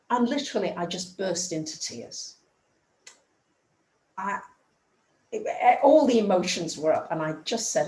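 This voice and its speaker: Woman astrologer, chatty storyteller, medium pitch, echoey room. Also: sing-song, a little slow, pauses often, darkish tone. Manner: chatty storytelling, acts out dialogue. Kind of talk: casual spoken astrology talk.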